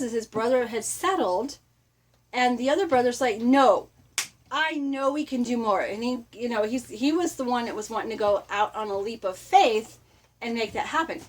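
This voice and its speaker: A middle-aged woman giving a casual motivational talk, chatty and animated, often laughing and acting out little quotes. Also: a little high, normal speed, a little hiss or hum. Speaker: motivational vlogger.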